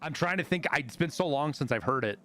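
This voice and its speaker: A man from Montana, a streamer telling stories in casual chat, animated and full of swearing. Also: a little high, fast talker. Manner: profane, animated storyteller.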